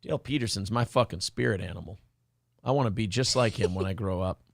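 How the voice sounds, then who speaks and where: A man's voice: fairly low pitch, fast, creaky, no echo, studio quality. A tipsy man hosting a livestream, reading out donations with crude, profane jokes. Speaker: livestream host. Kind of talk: casual chat reading donations.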